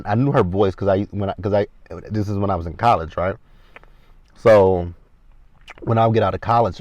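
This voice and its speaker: A man's voice: deep voice, a little mellow, no echo. A man in his thirties sitting in a car, recapping a TV episode in a chatty, rambling way and talking straight to his viewers. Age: 30s. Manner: chatty, talks straight to viewers as "you guys". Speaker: TV show recap vlogger. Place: inside a parked car. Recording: dull lo-fi recording, dry.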